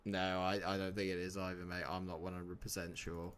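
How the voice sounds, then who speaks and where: A man's voice: low voice, level tone, fairly quick, a bit bright, clean tone. A man, chatting casually and joking with viewers while streaming a game. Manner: chatty, jokey, answers chat by name. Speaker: live-streamer. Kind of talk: casual live-stream chat.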